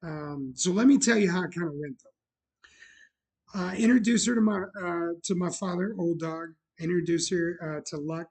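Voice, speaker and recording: A man with a fairly high, slightly husky voice hosts his own livestream. He tells a long story casually, circling back with fillers and restarts. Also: moderate pace. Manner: rambling, warm storytelling with many fillers and restarts. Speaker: bar owner and show host.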